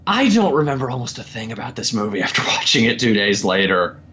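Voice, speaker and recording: A man in casual podcast chat, ranting about films with lots of energy and laughing as he talks. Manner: animated, laughs often, mimics people in a slow low drawl. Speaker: podcast guest. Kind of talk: casual chat, movie rant. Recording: dull lo-fi audio.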